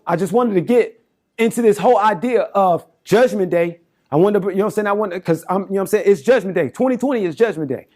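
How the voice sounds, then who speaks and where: A man's voice: sits high, a little mellow. A man in his forties delivering an impassioned, rambling monologue straight to the camera, in slangy casual speech full of restarts. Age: 40s. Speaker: self-styled political campaigner.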